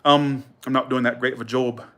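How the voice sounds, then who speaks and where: A man's voice: mid-range voice, level tone, a bit bright, natural voice. A man putting on a fake British accent. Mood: mock-posh. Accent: put-on British. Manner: exaggerated, halting with fillers. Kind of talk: livestream chat.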